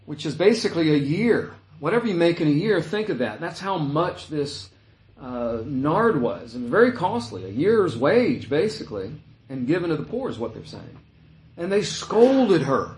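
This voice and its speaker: A man preaching a Bible-teaching sermon, his voice sitting a little higher than most men's. He talks casually and thinks aloud, with plenty of "uh" and "you know" along the way. The sound bounces around a roomy, echoey space. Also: sing-song, moderate pace, a little mellow. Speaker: pastor. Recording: echoey room.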